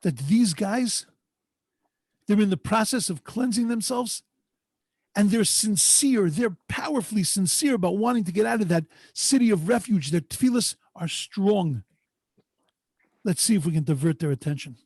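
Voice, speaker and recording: A man, a rabbi, teaching a Torah class over a video call in an earnest, drawn-out way, sprinkled with Hebrew and Yiddish terms. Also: high-pitched, expressive, a little mellow, slightly rough, no room sound. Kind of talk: storytelling Torah lesson. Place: home online video call. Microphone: video call microphone.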